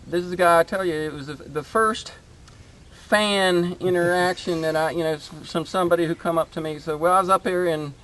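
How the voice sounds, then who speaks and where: A man's voice: high voice, fairly even intonation, a bit bright. A man hosting his homestead channel, chatting casually outdoors in his garden and rambling with lots of fillers. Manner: rambling, halting with many fillers.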